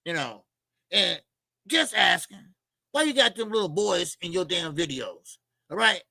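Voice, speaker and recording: A man's voice: high voice, expressive, a little slow, vocal fry, bright, forceful tone, breathy edge, dry recording. A man hosting a boxing channel, ranting his opinions in a blunt, profane, mocking way, often repeating himself and using fillers. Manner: repeats phrases, with frequent fillers. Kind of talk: opinionated boxing commentary rant.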